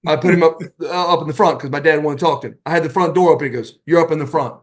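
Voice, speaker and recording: A middle-aged man spins backstage stories with a lot of energy, slipping into the voices of the people he quotes. His voice sits a little high for a man, and he stumbles over restarts as he talks. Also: rapid-fire. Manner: animated anecdotes, acting out quoted voices, many restarts. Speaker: podcast guest, retired wrestler. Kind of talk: casual storytelling.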